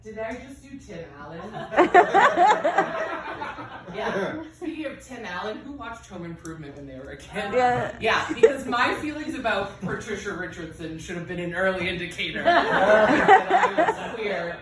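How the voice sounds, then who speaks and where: A woman's voice: medium pitch, sing-song, unhurried. A woman in her thirties doing a live stand-up comedy set, chatty and self-deprecating, with lots of fillers and asides. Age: 30s. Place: comedy stage before a laughing audience. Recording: roomy live venue mic with distance and crowd laughter.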